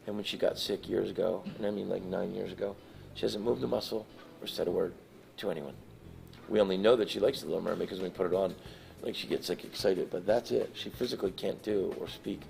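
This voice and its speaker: A weary, grieving father speaks softly and low, as a storyteller quotes him. His voice has a gravelly edge. The delivery is hushed and heavy. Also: steady tone, fast talker, slight background noise. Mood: sorrowful.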